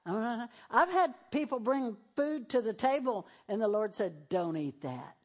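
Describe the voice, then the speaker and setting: A woman's voice: a little high, lively intonation, moderate pace. A middle-aged woman pastor preaching a sermon in a conversational way, acting out the voices she quotes.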